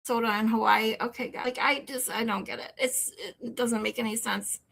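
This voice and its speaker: A woman with a Michigan accent, hosting a livestream and chatting casually with her viewers, animated and rambling, often incredulous. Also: fairly high pitch, moderate pace, vocal fry. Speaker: livestream host. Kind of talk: casual chat with live chat. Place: home in Texas.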